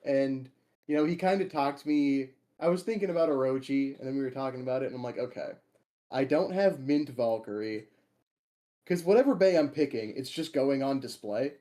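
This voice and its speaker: A man's voice: medium pitch, moderate pace, dark tone. A young man from Minnesota, co-hosting a podcast, telling stories in a rambling casual way and laughing often. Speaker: podcast co-host and tournament player. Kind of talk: casual chat.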